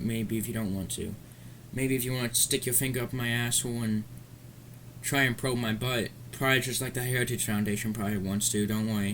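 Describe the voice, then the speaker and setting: Brief: angry male vlogger, mid-pitched, swears a lot, rambling rant, faint background hum. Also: a bit bright. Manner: profane, heated, rambling. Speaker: commentary vlogger. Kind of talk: ranting commentary.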